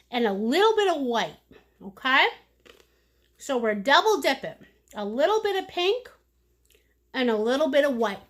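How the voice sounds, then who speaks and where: Woman, painting teacher, playful and chatty, unhurried delivery, high voice. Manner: bubbly, playful, chatty with viewers. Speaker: painting instructor. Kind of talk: live-streamed painting class.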